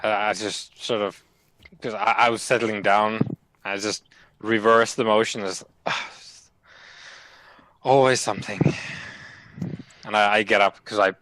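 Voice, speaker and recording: A man's voice: on the low side, steady tone, takes it slowly, pauses often, pushed and bright, dry recording. A man playing a tabletop game, talking hesitantly with many restarts. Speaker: player. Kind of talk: casual tabletop play.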